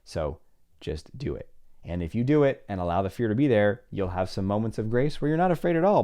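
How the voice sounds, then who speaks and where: A man's voice: fairly low pitch, mellow. A middle-aged man hosting a solo advice podcast as a psychologist, talking animatedly and acting out little dialogues in different voices.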